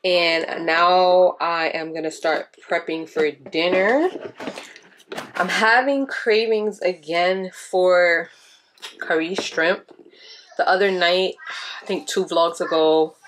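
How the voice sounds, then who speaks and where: A woman's voice: lowish voice, steady tone, slow pace. A young woman vlogging at home, chatting casually with viewers and patiently coaching her child through reading. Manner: chatty, talks to viewers directly. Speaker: mom vlogger. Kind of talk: casual home vlog chat. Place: apartment home. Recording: noisy home recording with clicks.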